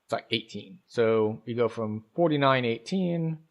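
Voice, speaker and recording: Game streamer, male, mid-pitched, easygoing running commentary that explains each move. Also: expressive, a little slow. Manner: thinks aloud, explains game mechanics at an easy pace. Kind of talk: casual gameplay commentary.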